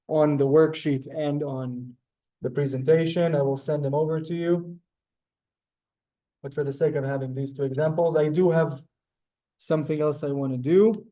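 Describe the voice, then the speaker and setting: Male teacher, casual and talky, a bit high-pitched, video-call sound, lots of ums and restarts. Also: low-quality recording. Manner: relaxed, chatty, many fillers and restarts. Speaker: Hebrew teacher. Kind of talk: casual online class teaching.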